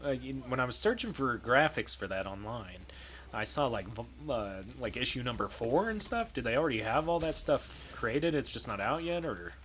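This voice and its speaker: A man co-hosting a geek news podcast in casual chat, who laughs a lot and reacts loudly with swearing. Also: mid-range voice, sing-song, moderate pace, slight background noise. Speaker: podcast co-host.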